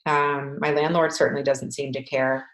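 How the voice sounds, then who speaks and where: A woman with a low voice leads a guided tapping session as a coach. She speaks candidly and repeats tapping phrases as she works through her frustration. The room around her is echoey. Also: level tone, moderate pace.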